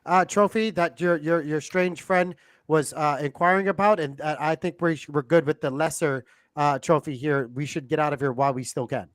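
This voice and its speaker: Dude playing a tabletop game, kinda high voice, super dry mic. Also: male voice, fairly even intonation, moderate pace, dry recording. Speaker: player. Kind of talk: casual tabletop game chat.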